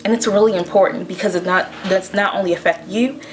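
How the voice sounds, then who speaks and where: A woman speaking slowly and reflectively about her family. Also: medium pitch, steady tone, noisy background. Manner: slow, reflective. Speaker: guest sharing her story. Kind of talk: personal testimony.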